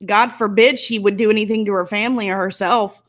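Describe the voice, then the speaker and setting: A woman's voice: medium pitch, steady tone, a little fast. A woman YouTuber giving an angry, emotional commentary, tearful and indignant as she talks. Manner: emotional, indignant, close to tears.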